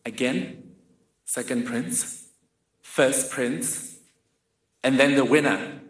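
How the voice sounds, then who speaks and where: A man's voice: medium pitch, extremely slow, fairly bright tone. A man telling a funny, vivid personal story in a talk. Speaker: speaker. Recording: roomy echoing hall.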